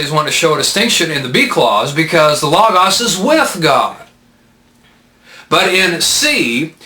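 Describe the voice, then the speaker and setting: A man gives a methodical Bible lesson, working patiently through grammar and posing questions to his listeners. His voice sits a little high and sounds bright and forceful. The recording carries a clear echo from the room. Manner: methodical, patient, explains step by step with rhetorical questions. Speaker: Bible teacher. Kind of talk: explanatory lecture.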